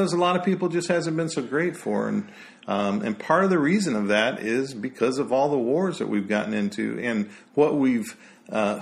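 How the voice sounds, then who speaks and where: Male podcast co-host, mid-pitched, rambling with lots of fillers, gets heated. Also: creaky. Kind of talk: casual conversational discussion.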